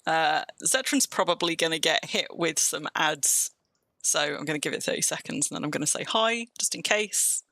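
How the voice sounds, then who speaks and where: Bright-voiced southern English woman streamer. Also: low-pitched, expressive, normal speed, no echo. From England. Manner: rambling, chatty, restarts her sentences. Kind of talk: casual live-stream chat while gaming.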